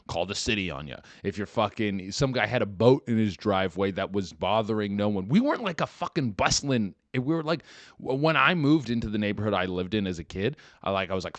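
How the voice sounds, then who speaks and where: Young man, podcast host, comedic monologue, profane, rambling, lively pitch, dry close sound. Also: no room sound. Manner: profane, rambling and animated, slips into mocking voices.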